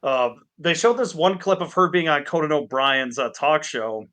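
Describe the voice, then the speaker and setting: A man talking over a voice call, ranting hard and swearing constantly. His voice sits a touch high and sounds bright and forceful. He drops into mocking impressions of the people he complains about. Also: normal speed. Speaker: podcast co-host. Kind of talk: casual chat. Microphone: Discord call.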